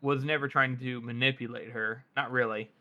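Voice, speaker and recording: A man with a bright, forward voice talks through a novel's characters in casual podcast chat. He analyzes eagerly, with quick bursts and little fillers. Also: medium pitch, steady tone, highs cut off. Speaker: podcast co-host. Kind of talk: casual book discussion.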